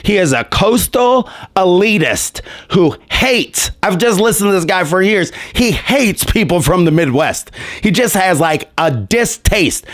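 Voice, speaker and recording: A man's voice: high-pitched, very animated, measured pace, fairly bright tone, no echo, studio quality. A man hosting a sports commentary show, ranting in a heated, mocking, profane way, his voice strained and worn.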